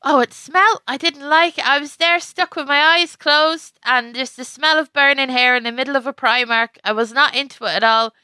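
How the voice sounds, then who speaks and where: A woman's voice: high voice, normal speed, few pauses, bright, forceful tone, no room sound. A woman co-hosting a comedic podcast over a video call, wry and self-mocking, often breaking into giggles. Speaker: podcast co-host.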